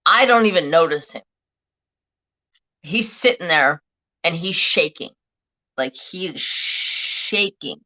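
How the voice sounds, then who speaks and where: A woman's voice: low voice, animated, unhurried, pauses often, pushed and bright. Blunt, profane woman streamer, lo-fi audio. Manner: blunt, profane, rambling storyteller. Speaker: livestream host. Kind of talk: casual storytelling to a live chat.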